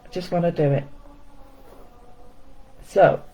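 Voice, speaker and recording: A woman's voice: on the low side, steady tone, takes it slowly, dark tone, poor audio. Chatty woman teaching art. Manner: chatty, greets viewers by name, self-deprecating asides. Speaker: art session host. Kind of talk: casual live-stream art lesson. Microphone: home setup with camera.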